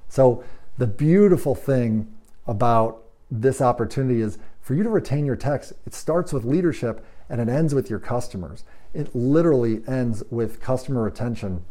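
A man's voice: mid-range voice, warm tone. A man coaching automotive service managers, talking emphatically with rhetorical questions and acting out bits of dialogue. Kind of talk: training talk to shop managers.

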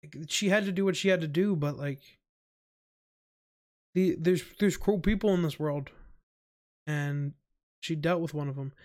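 A young man in a casual, rambling recap of a video game, excited, swearing and saying "like" constantly. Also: on the high side, unhurried, long pauses. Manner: excited, rambling, heavy use of "like", swears often.

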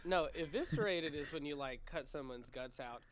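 A player in a tabletop game chats casually in a jokey, excitable way. The voice sits at a middle pitch. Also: normal speed. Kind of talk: casual tabletop play chat.

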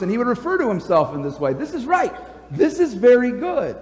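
High-voiced male pastor in a reverberant church. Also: sing-song, brisk. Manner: conversational preaching with fillers. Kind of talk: sermon. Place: church sanctuary.

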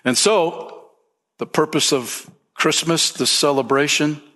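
A man's voice: fairly high pitch, slow pace, sharp tone. A man preaching a sermon as pastor, emphatic, lifting his voice for key points and calling listeners "man" and "friend".

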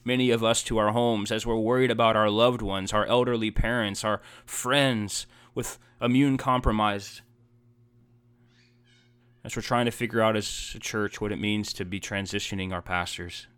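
A man's voice: fairly low pitch, fairly even intonation, moderate pace, a bit bright, smooth, dry recording. A man preaching a heartfelt sermon as a pastor, earnest and emotional, building emphasis through repeated phrases.

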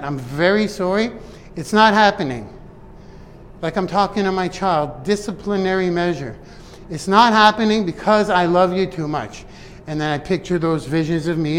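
A man giving an earnest, emotional motivational talk to his viewers, often speaking to himself as if to a friend. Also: high-pitched. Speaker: vlogger. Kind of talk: personal motivational talk to camera. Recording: long reverb and faint ambient noise.

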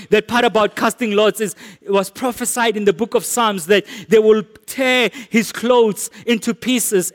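A man with a South African accent preaching a sermon, earnest and rising to emphatic declarations. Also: high-pitched. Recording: echoey hall with long reverb.

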